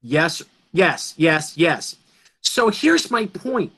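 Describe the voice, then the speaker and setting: A man's voice: fairly high pitch, very animated, extremely slow, sharp tone. A man teaching a poetry lesson to an online class, emphatic and asking his students questions.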